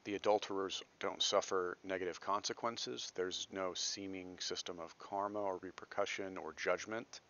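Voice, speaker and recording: A man's voice: low-pitched, fairly even intonation, normal speed, hardly any pauses, bright, forceful tone, highs cut off. A man from Texas giving a recorded literature lecture, conversational, with self-deprecating asides and frequent checks of "right?".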